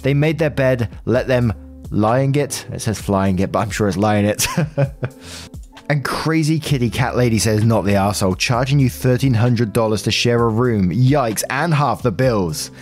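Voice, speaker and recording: A man's voice: medium pitch, moderate pace, darkish tone, soft background music. A man hosting a story channel, reading posts and commenters' replies aloud and adding his own dry opinions.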